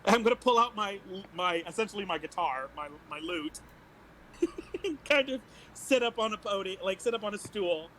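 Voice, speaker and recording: A man with a high voice plays in a tabletop role-playing session. He is playful, laughs often and restarts his sentences as he goes. A faint background hiss sits under his voice. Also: animated, moderate pace, fairly bright tone, poor audio. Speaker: player.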